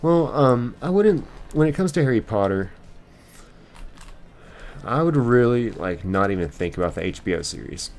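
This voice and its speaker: A man's voice: mid-range voice, expressive, normal speed, long pauses, a little mellow. A young man hosting a live stream, casually reading viewer comments aloud and rambling with lots of fillers. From United States.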